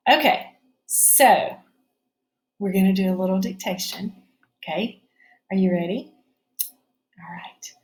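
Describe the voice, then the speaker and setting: A woman's voice: mid-range voice, measured pace, long pauses. A middle-aged woman teaching a recorded phonics lesson from her home kitchen, talking patiently and checking in with her students often.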